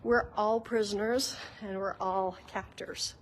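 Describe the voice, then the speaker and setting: A woman's voice: mid-range voice, steady tone, slow, low-quality recording. Woman on a walk talking faith stuff, earnest and chatty, bit of faint outdoor noise behind. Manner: earnest and conversational, addresses listeners as guys. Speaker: host giving spiritual guidance. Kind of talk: faith-based walk-and-talk teaching. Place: walking outdoors.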